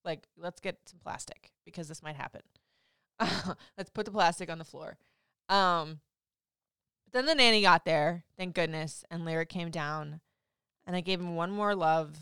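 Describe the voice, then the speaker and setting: A young woman vlogger telling a story in a casual, animated way, swearing freely and laughing often. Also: lowish voice, normal speed, smooth, no room sound, studio quality.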